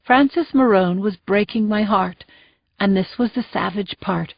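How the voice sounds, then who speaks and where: A woman reading a first-person thriller audiobook in a tense, measured way. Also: medium pitch, steady tone, vocal fry, dry recording. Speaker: audiobook narrator. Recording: dull, dry studio sound.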